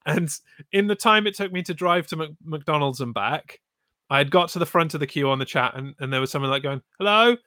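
Sweary streamer, mock-outraged storyteller, slightly high voice, dry close sound. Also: male voice, a little fast, pushed and bright, dry recording. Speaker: streamer co-host. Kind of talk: casual storytelling chat.

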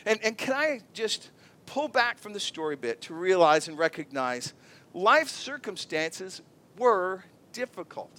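A man preaching a sermon with a notably high voice. He tells stories with lively energy, dropping softer and then rising as he acts out other people's voices. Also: a little slow. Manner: animated storytelling, acts out voices. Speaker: pastor.

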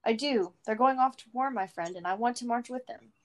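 A woman's voice: fairly high pitch, a little fast, pitched above the performer's own voice, lightly acted. A woman reading a hopeful young soldier. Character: hopeful young male soldier, gentle and firm.

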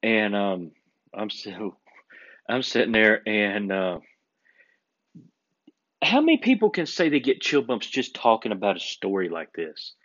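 A man's voice: on the low side, unhurried, long pauses. A man telling stories in casual chat, acting out the voices of people in them. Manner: animated storyteller, acts out quoted voices. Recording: dull lo-fi recording.

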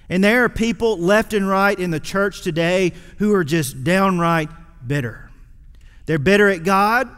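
Male pastor, high voice, impassioned sermon delivery, long sanctuary reverb. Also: smooth. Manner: impassioned preaching, swings from loud to quiet.

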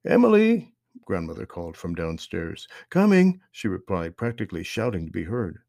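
A man narrating a storybook with a very deep, husky voice. His delivery is measured and steady, and the recording is dry and close. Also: no room sound.

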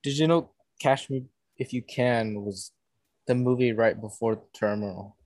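A man co-hosting a casual movie-review podcast over an online call, dry and contrarian in a deadpan way. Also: medium pitch, normal speed, no room sound. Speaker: podcast co-host.

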